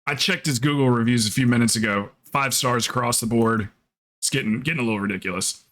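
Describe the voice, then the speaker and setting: A man's voice: medium pitch, quick pace, a bit bright. A man streaming a game, chatting casually with viewers in a rambling, joking way and swearing freely. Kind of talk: casual live-stream chat.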